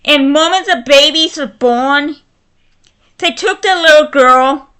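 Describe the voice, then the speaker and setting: A woman with a high, bright voice rants angrily to camera, stumbling and restarting her sentences. She speaks slowly and deliberately despite her fury. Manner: furious, halting, with many restarts. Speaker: vlogger. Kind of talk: angry ranting vlog.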